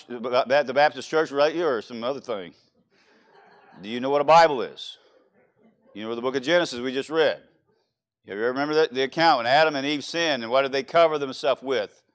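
Animated Louisiana preacher quizzing his flock. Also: mid-range voice, moderate pace, long pauses. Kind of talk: sermon.

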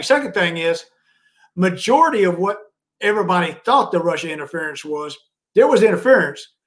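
A man's voice: a little high, a bit bright. A man co-hosting a political podcast, talking bluntly with some mild cursing. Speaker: podcast co-host. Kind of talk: casual political commentary.

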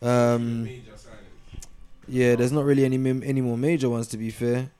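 A young man chats about football transfers, rambling and pausing as he searches for names. His voice is mid-pitched and easygoing. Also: little pitch movement, mellow, clear, resonant tone. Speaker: football podcast co-host. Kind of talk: casual football chat.

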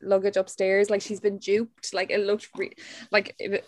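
A woman's voice: medium pitch, monotone, normal speed, dry recording. A young woman co-hosting a podcast, summarizing a book in a chatty way full of "like". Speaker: podcast co-host. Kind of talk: casual chat.

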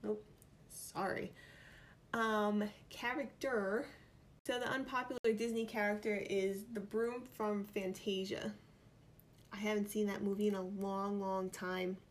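This woman's medium-pitched voice stays fairly flat and unhurried. She has a New York accent and chats playfully in her vlog, reading quiz options out and pondering them.

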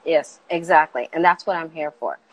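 A middle-aged woman with a fairly low voice speaks as a guest in a casual conversation. She talks with passion and insistence and pushes her voice up when she drives a point home. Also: normal speed, low-quality recording. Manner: passionate, emphatic, gets louder as she makes a point.

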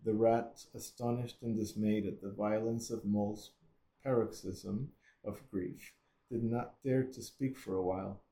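Low, flat-voiced man narrating a storybook. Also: rough recording. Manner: even, measured reading with small slips. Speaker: audiobook reader.

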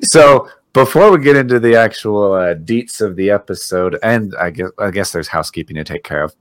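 A man's voice: fairly low pitch, a little fast, no room sound. A man co-hosting a podcast, chatting casually and joking, laughing often. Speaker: podcast co-host. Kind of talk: casual chat.

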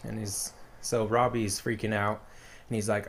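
A man's voice: fairly low pitch, little pitch movement, moderate pace. A man casually retelling a story as a podcast co-host, rambling with lots of fillers.

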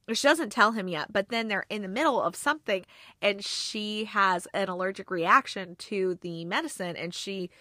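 A woman's voice: mid-range voice, bright, forceful tone, no echo, clean studio sound. A young woman chatting through a movie plot recap with lots of fillers, easily moved. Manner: chatty, filler-heavy, emotional. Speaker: movie reviewer.

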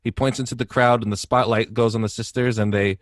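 A man's voice: mid-range voice, flat delivery, brisk, no echo, clean studio sound. A man casually retelling a movie plot in a playful way, laughing often as he goes. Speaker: podcast co-host.

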